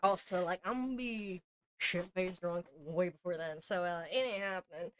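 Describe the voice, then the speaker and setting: A woman's voice: lowish voice, moderate pace, clean tone, no room sound. A young woman streaming a game while drunk, rambling and swearing freely as she chats and mocks herself. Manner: profane, rambling, self-mocking. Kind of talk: casual game stream chat. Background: game music.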